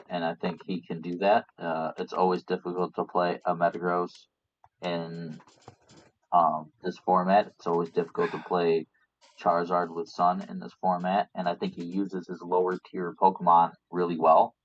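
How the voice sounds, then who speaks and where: A man co-hosting a casual recap show, giving his picks hesitantly, with many pauses and restarts. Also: low voice, level tone. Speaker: podcast co-host. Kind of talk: casual chat about game picks. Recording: dull lo-fi sound.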